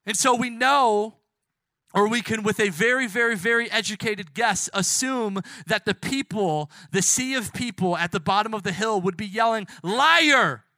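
A young man preaching a sermon with passion, moving from loud acted-out shouts to hushed, slow quotes. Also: high voice, dry recording.

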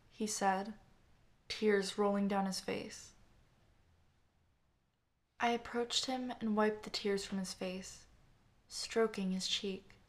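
A woman reading a story aloud in a soft, earnest narration. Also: mid-range voice. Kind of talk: scripted audiobook narration.

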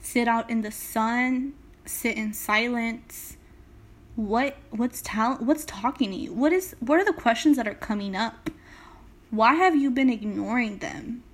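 Young woman podcaster, high voice. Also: measured pace. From Salinas, California. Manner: emphatic, swears freely, speaks directly to listeners. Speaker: podcast host. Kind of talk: casual motivational podcast monologue.

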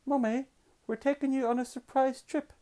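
A man reading a storybook aloud, voicing an excitable little girl pig in a raised, bouncy voice. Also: normal speed. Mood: eager. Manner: eager, high and bouncy calls.

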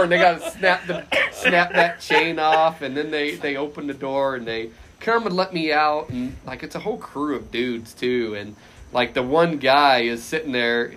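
A man telling a funny personal story as a podcast guest, loose and animated, often laughing and shouting out the lines he quotes. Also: medium pitch, a little hiss or hum. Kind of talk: casual anecdote storytelling.

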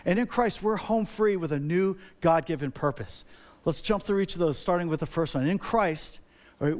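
A middle-aged male pastor preaching a sermon, emphatic and repetitive, building energy by repeating phrases. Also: high-pitched.

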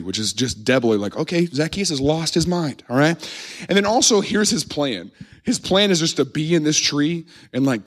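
A man from the Midwest preaching a sermon in a church, telling the story with lively acted-out voices and frequent laughs. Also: fairly high pitch. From American Midwest. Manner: animated storytelling, acts out crowd voices, laughs often. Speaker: pastor.

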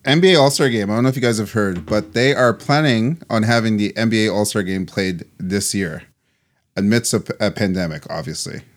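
A man's voice: fairly low pitch, a little fast. A man co-hosting a casual sports podcast, loose and rambling, laughing often. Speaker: podcast co-host.

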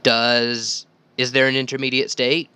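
A man's voice: medium pitch, little pitch movement, unhurried, bright, forceful tone, clear, resonant tone. A man hosting a solo Bible teaching podcast, talking earnestly and conversationally and reading scripture aloud. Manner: earnest, conversational, with restarts and repeated phrases. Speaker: podcast host.

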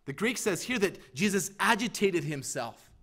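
A man preaching a sermon as pastor, emphatic, pressing repeated questions and swinging from loud to hushed. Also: high voice, animated, moderate pace.

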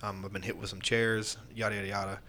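A fairly low-pitched man chats loosely on a podcast about taking bumps in the ring. He rambles and restarts his sentences. A faint hiss of noise sits under his voice. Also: flat delivery, fast, pushed and bright. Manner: rambling, candid storytelling with fillers and restarts. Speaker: pro wrestler guest. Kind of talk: casual podcast chat.

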